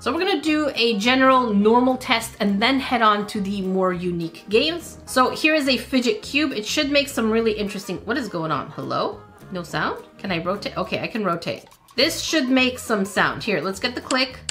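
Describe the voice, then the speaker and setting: A woman hosts a gaming video, giving casual let's-play commentary on mobile games and reacting aloud with laughs and quick exclamations. Her voice is medium in pitch and a bit bright.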